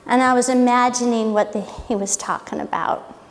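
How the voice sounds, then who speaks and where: A woman's voice: on the high side, moderate pace, big-room sound. A woman teaching a Bible story as a sermon, telling it with animation and acting out what the people said.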